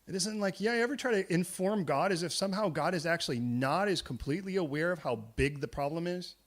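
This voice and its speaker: A man preaching a sermon in a church, lively and humorous, slipping into acted voices for the people in his story. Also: sits high, fast talker. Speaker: pastor.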